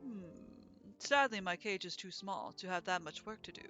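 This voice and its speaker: Gentle formal bird gentleman, woman lowering her voice, soft polite delivery, game reading. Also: expressive, moderate pace, soft background music. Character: gentle elegant male bird cafe owner.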